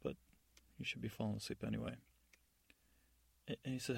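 A man improvising a rambling, low-key bedtime story as a podcast storyteller. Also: flat delivery, brisk, creaky, pauses often, husky, no echo.

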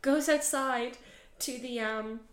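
A young adult woman co-hosting a podcast, casually recapping a TV series in an animated way, full of fillers and swearing. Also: on the high side, slow, roomy sound, heavy background noise. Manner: animated, heavy filler use, swears freely. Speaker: podcast co-host.

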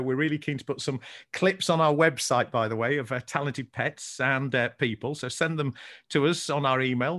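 A man with a Scouse accent co-hosting a casual podcast chat, telling stories in a chatty, animated way. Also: on the high side. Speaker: co-host.

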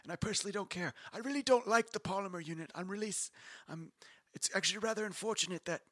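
A man's voice: sits high, quick pace, fairly bright tone, no echo. A man acting as game master, playfully narrating in character and often stumbling over words with a laugh.

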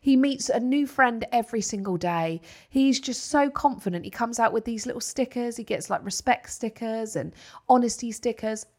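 A woman's voice: a little high, normal speed, few pauses, darkish tone. A woman, co-hosting a casual chat, telling stories in a chatty, self-mocking way. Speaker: podcast co-host.

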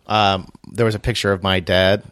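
A man's voice: low voice, little pitch movement, a bit bright, no room sound. Casual male co-host, swears freely, spins anecdotes, dry close mic. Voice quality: profane, storytelling, quick comic voices. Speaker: podcast co-host; realtor. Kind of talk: casual chat.

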